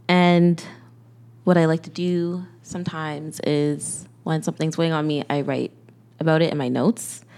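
A woman's voice: sits low, steady tone, darkish tone. A woman, co-hosting a podcast in a casual, earnest way with lots of "like" fillers. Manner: earnest, halting, many "like" fillers. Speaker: podcast co-host.

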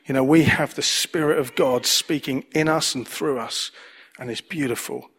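A man's voice: medium pitch, moderate pace, fairly bright tone, slightly rough. A man preaching a sermon as pastor, earnest, repeating key phrases for emphasis.

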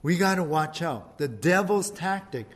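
A man's voice: on the high side, lively intonation, a little slow. A male pastor giving a casual, conversational sermon and often speaking to the crowd as "you guys". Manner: conversational preaching, addresses the audience as "you guys".

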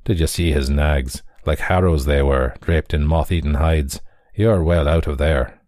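A man's voice: rumbling low, unhurried, a little mellow, no echo. A man voicing a weary, wry male fairy trickster in the shape of a dog, with a dry, teasing manner.

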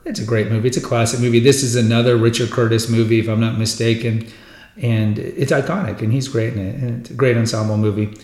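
A male podcast host talks through an actor's films in a loose, rambling, enthusiastic chat. His voice sits at an ordinary middle pitch. The room around him rings with a noticeable echo. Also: fairly even intonation, quick pace, darkish tone. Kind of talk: casual film retrospective chat. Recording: roomy echoey room sound.

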